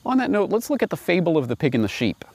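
A man reading fables aloud and commenting on them, animated and wry. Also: a little high, quick pace, dry recording. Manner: animated, wry, laughs at his own points. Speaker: host.

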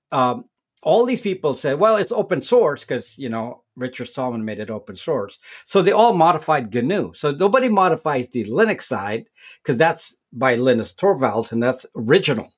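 A man speaking as a guest in an interview, talking casually about technology. His voice sits in a middle pitch, and he stumbles through restarts and repeated words while he works his way to a point. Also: sing-song, slightly rough. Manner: halting, many repeats and restarts. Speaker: tech video creator as guest. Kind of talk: casual explanatory interview talk.

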